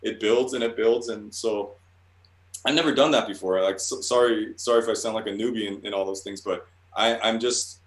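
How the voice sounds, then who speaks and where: A man's voice: fairly low pitch, normal speed. A man talking casually in an interview, rambling and swearing, often restarting his sentences. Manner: rambling, profane, with many restarts. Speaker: guest artist. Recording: roomy echo.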